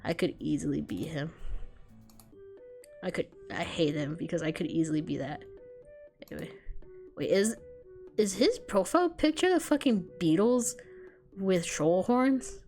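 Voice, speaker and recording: Young woman streamer, game narration, quick swearing asides, faint music behind. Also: lowish voice, animated, mellow. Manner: quick, profane, self-deprecating banter. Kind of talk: reading a visual novel aloud with commentary.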